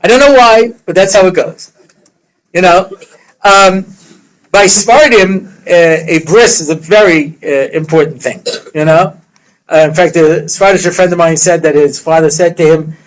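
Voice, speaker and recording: A rabbi with a notably high voice tells funny stories to his listeners. He is a middle-aged man who talks in a loose, chatty way, full of quips and side remarks. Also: moderate pace, low-quality recording. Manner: joking, conversational, full of asides and quips. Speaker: rabbi giving a lecture. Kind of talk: humorous storytelling lecture.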